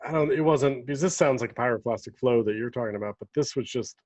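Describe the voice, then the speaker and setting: A man's voice: medium pitch, fast talker, darkish tone, no room sound. A man co-hosting a casual podcast, joking and trailing off mid-thought. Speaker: podcast co-host. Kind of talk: casual chat.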